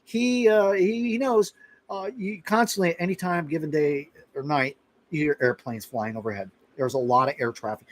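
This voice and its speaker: A man's voice: on the high side, normal speed, rough recording. A middle-aged man from Florida hosting a casual live chat, talking in a rambling, conversational way with restarts and asides. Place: rural outpost in western Kentucky.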